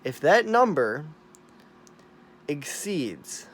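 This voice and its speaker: A man vlogging a ranting monologue, cursing constantly and hammering his points through repetition, swinging between low mutters and loud bursts. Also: sing-song, extremely slow, a little hiss or hum. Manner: profane, emphatic, repetitive, swinging from mumbling to loud.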